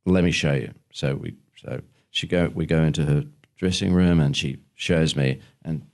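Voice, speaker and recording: A man's voice: extremely low pitch, steady tone, moderate pace, darkish tone. A man who is a film director, guest on a casual podcast, telling rambling anecdotes with a chuckle.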